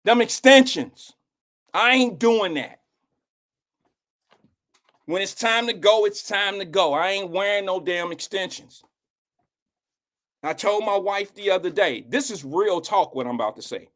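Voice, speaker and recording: A man's voice: high-pitched, animated, a little slow, long pauses, fairly bright tone. A middle-aged man hosting a live show, telling a rambling, slangy and emotional story in casual talk.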